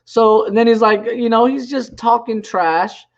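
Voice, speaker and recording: This is a casual storytelling monologue from a channel host, a man in his forties, whose voice is very high-pitched and a little slow. He meanders through an online argument, mocking and trash-talking as he recounts it, all captured in dull, lo-fi sound.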